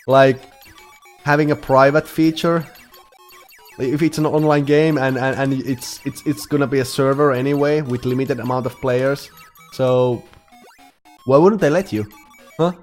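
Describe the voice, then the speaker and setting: A man's voice: mid-range voice, fairly even intonation, unhurried, long pauses, darkish tone, soft background music. Rambling, profane male game streamer. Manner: rambling, profane, laughs often. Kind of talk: casual live-stream chat while gaming.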